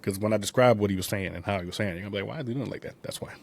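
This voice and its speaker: He has a creaky voice that sits on the low side, and he's the host of a relaxed movie podcast. The plot recap rambles with lots of fillers and digressions, punctuated by fast character impressions.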